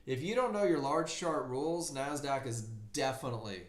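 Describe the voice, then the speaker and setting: A man's voice: mid-range voice, moderate pace, reverberant. A man teaching a live trading webinar, telling his own story candidly and acting out voices in his head. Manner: candid, animated storytelling with mock inner voices. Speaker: trading class instructor. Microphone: computer mic in a live stream.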